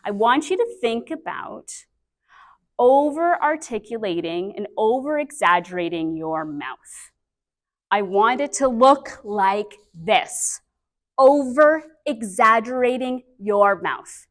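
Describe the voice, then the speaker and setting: A woman's voice: mid-range voice, animated, takes it slowly. Woman, speech therapist leading a live workshop; chatty, demonstrative coach, mid-range voice.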